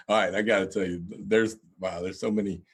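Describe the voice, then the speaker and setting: A man's voice: low-pitched, husky. A man, a preacher and guest, telling earnest stories in an interview answer. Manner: earnest, animated storytelling with laughs.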